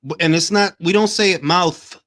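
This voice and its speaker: A man co-hosting a live boxing reaction chat, loud and joking, often laughing. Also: sits high, steady tone, quick pace. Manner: loud, laughing, mock accents.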